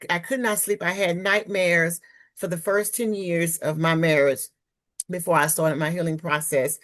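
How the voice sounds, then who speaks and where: A woman's voice: low-pitched, fairly bright tone. A woman presenting on trauma healing in a webinar, speaking candidly and personally from her own experience over a video call.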